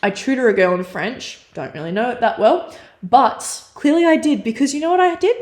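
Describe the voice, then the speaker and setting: A young adult woman co-hosting a casual chat, telling a story in a chatty, animated way with lots of fillers. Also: fairly high pitch, a little fast. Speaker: podcast co-host.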